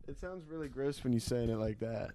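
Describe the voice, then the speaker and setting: Male co-host, easygoing banter, laughs a lot, mid-pitched. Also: expressive, fairly quick, a crowd in the background. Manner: joking, laughs often. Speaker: podcast co-host. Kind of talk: casual chat.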